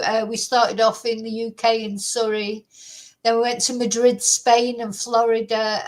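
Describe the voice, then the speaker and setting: A woman with a fairly high voice holds an indignant, casual true crime chat. She rants and swears freely as she reacts from her computer at home. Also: poor audio. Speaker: true crime channel host.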